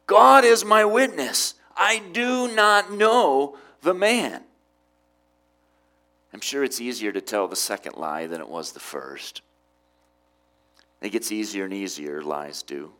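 A middle-aged man preaching a sermon, with emphatic rises and quiet drops. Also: fairly low pitch. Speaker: pastor.

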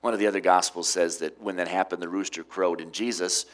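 A middle-aged man preaching a sermon, with emphatic rises and quiet drops. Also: sits low, fairly even intonation, fairly quick. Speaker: pastor.

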